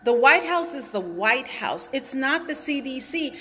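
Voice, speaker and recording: A woman's voice: high voice, big pitch swings, unhurried, bright, forceful tone, in a large hall. A woman vlogging from a hot garage, rambling and indignant as she repeats her points while chewing gum. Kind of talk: casual opinion vlog.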